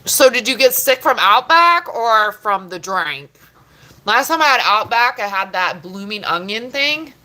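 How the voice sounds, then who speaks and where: A woman with a fairly high, expressive voice, pushed and bright, chats unhurriedly with her viewers while doing kitchen chores at home. Her rambling talk is packed with "like" and casual cursing, captured in a rough recording.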